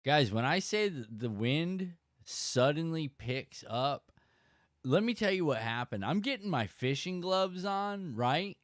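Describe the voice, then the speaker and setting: A man hosting a casual fishing livestream, telling a story with animated emphasis and chatting to viewers. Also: a little high, a little slow, no echo, studio quality. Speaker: fishing channel host.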